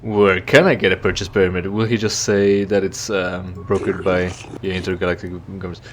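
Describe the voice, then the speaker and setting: Low-voiced guy doing a lets play, jokey and rambly, stumbles over words, faint hiss. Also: level tone, moderate pace. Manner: rambling, joking, stammering restarts. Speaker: let's play gamer. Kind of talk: casual game commentary.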